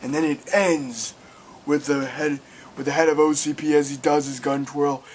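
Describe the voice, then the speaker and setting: A young man giving a casual film review, excitable and swearing, acting out scenes loudly. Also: on the high side, normal speed, slight background noise.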